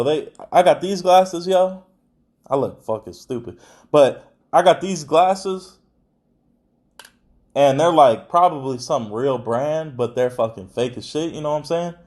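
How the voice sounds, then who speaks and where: A man's voice: on the high side, a little mellow. A young adult man hosting a podcast, talking in casual, rambling chat full of slang and swearing. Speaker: podcast host.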